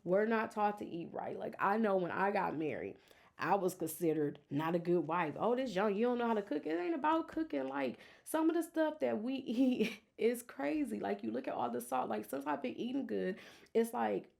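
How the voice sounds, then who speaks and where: A woman's voice: on the high side, animated, moderate pace, creaky, darkish tone. A woman hosting a personal faith podcast, talking earnestly and emotionally in a testifying way. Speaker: podcast host.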